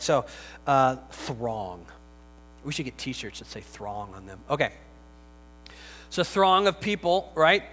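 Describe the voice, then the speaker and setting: High-voiced male preacher in a reverberant hall. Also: fairly bright tone. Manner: conversational and joking, with emphatic bursts. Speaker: pastor. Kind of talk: sermon. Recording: long hall reverb, faint music.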